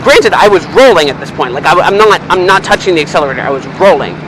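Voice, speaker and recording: A young man, chatting casually and swearing freely while driving, rambling and excitable. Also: fairly high pitch, quick pace, rough recording. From Canada. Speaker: vlogger. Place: inside a car, driving in city traffic. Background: faint car and road noise.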